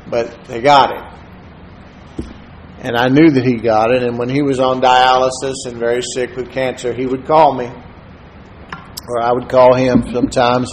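A man's voice: mid-range voice, slight background noise, low-quality recording. Man preaching in a storytelling way. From Texas, USA. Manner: conversational storytelling, soft-spoken asides. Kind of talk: sermon.

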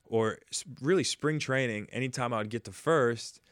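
A man in his forties, a former ballplayer, telling stories casually in an interview and loudly acting out the lines he quotes. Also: mid-range voice, normal speed, no room sound, clean studio sound. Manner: animated storyteller, acts out quotes loudly. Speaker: former baseball player, guest.

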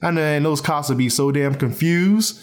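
A man's voice: fairly high pitch, normal speed. A man hosting a casual solo podcast from his bedroom, talking in a loose, rambling way with many fillers and restarts. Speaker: podcast host. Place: bedroom at home.

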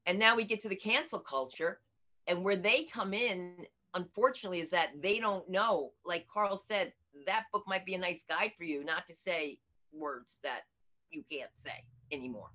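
A middle-aged American woman comedian and teacher, telling stories in an animated, outspoken way during an interview. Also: fairly low pitch, normal speed. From United States. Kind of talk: conversational interview over video. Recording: dull lo-fi audio.

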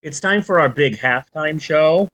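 A podcast host in their forties in casual chat, animated and swearing freely. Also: medium pitch, a little slow, rough recording. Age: 40s.

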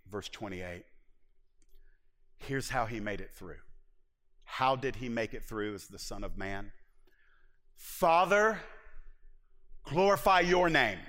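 A man preaching a sermon with passion, building to emphatic peaks and dropping to hushed, intense lows. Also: sing-song, slow pace, pauses often. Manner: impassioned, rises to emphatic peaks and drops to hushed low passages. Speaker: pastor. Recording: long hall reverb.

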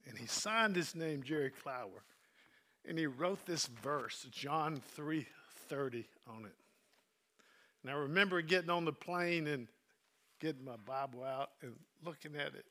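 A male preacher giving a sermon, telling a personal story in an earnest way and dropping soft at tender moments. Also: on the high side, lively intonation, unhurried. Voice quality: earnest, drops soft when emotional.

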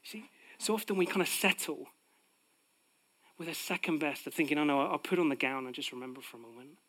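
A middle-aged man preaching in a fairly high voice. He moves between loud, fervent proclaiming and soft, hushed asides. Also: brisk. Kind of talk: sermon.

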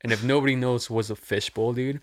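A man's voice: medium pitch, fairly even intonation, a little fast. Young man telling a rambling story. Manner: profane, rambling, says "dude" and "like" constantly. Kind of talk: casual storytelling chat.

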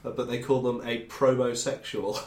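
A man's voice: mid-range voice, flat delivery, normal speed, darkish tone. A man joining a casual podcast chat, joking in a playful way. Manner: jokey, playful. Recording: echoey room.

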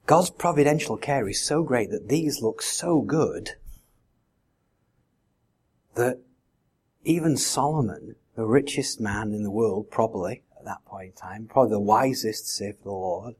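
A man's voice: fairly low pitch, lively intonation, a little slow, a little mellow, husky. A man preaching a sermon in a conversational way, full of rhetorical questions. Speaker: pastor.

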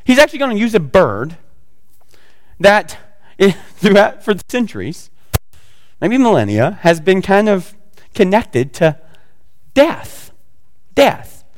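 A man's voice: high-pitched, very animated, a little slow, pauses often, in a large hall. A man preaching a sermon as pastor, talking conversationally with joking asides to the congregation.

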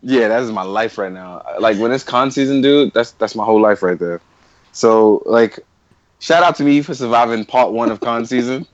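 A man's voice: medium pitch, expressive, normal speed, no room sound, dull audio. A young man co-hosting a casual podcast chat, loose and slangy, laughing often. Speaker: podcast co-host.

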